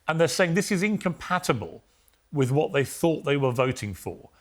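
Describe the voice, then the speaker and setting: A middle-aged man hosting a televised debate, brisk and quick to interrupt. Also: a little high, sing-song. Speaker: talk show host.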